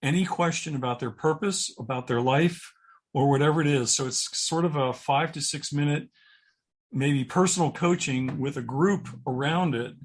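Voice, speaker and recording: A middle-aged man, a guest coach in an interview, talking earnestly and often restarting his words as he thinks. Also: on the high side. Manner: earnest, halting, repeats words while thinking. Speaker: guest, purpose coach and speaker. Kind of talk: interview conversation.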